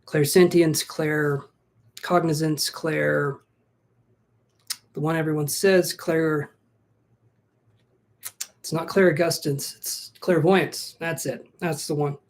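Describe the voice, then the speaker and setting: A man's voice: a little high, fairly even intonation, slow pace, pauses often. Chatty man giving a live tarot reading. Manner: chatty, self-joking, thinks aloud. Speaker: tarot reader.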